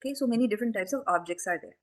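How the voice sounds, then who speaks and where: Rapid-fire and animated, a woman with a mid-range voice leads a spiritual discourse in a temple hall. She keeps it conversational and chatty, asking questions and turning often to her audience with asides.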